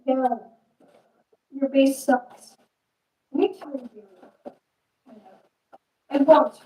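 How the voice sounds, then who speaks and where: A young woman with a high, mellow voice chats slowly and loosely through a live-stream Q&A. She rambles from thought to thought and laughs often as she answers. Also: fairly even intonation, low-quality recording.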